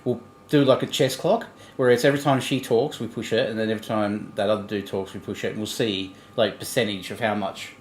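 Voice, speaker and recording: A man's voice: lowish voice, steady tone, brisk, hardly any pauses, a little hiss or hum. A man with an Australian accent co-hosting a livestream, crude and mocking, laughing often. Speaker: livestream co-host. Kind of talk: casual livestream chat.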